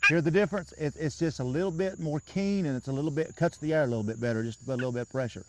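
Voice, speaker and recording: A man's voice: fairly high pitch, rapid-fire, heavy background noise. A man giving a patient, folksy hands-on lesson outdoors, often repeating himself as he coaches a beginner. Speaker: turkey calling instructor.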